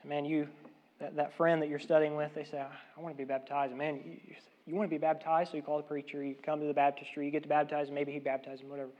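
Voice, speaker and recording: A man preaches with earnest conviction. He repeats his key phrases, leans hard on some and drops low on others. His voice sits a little high for a man, and the recording is dull and lo-fi. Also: level tone, fast talker. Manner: earnest, repeats key phrases, swings between loud emphasis and soft asides. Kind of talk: sermon. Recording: dull, lo-fi sound.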